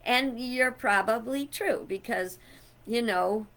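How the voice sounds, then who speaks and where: Loud chatty woman with a bright voice. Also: a little high, slow. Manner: chatty, loud, rambling with fillers and laughs. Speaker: vlogger. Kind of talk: casual chat to camera.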